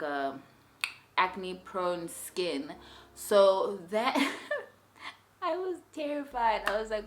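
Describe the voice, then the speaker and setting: A young woman talking candidly to her viewers in a vlog, telling her story in a chatty, expressive way. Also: fairly low pitch. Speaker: vlogger.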